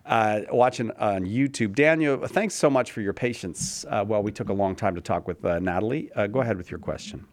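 A man's voice: on the low side, a little fast, hardly any pauses. A man hosting a call-in talk show, chatting in a self-deprecating, joking way. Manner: self-deprecating, animated, laughs often. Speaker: radio host.

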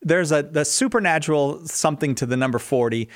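A man's voice: on the high side, fairly quick, dry recording, clean studio sound. A man hosting a radio talk show, speaking conversationally and often restarting his phrases. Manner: conversational, repeats words when starting. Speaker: radio host.

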